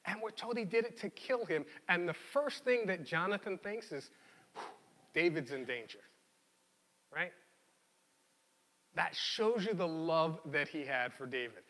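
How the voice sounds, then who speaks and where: A man preaching a sermon in an animated, conversational way, often repeating words as he goes. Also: high voice, measured pace, big-room sound. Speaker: pastor.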